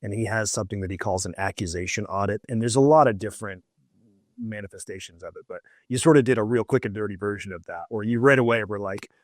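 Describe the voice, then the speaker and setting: A man's voice: fairly low pitch, fast talker, no echo, clean studio sound. A man hosting an interview, thoughtfully reflecting on and affirming his guest's story. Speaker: podcast host. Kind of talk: casual interview chat.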